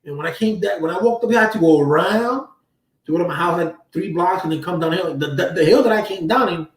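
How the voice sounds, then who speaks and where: A man's voice: sits high, fast talker, recorded from a distance. Streetwise New man, echoey room. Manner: streetwise slang, loose and profane. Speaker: livestream host. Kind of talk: casual livestream storytelling. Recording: roomy echo.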